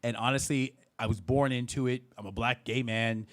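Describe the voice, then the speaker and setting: A man in his thirties hosting a live call-in show, chatty and animated, swearing and laughing often. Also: medium pitch, normal speed, no echo. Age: 30s. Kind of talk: casual live-stream talk.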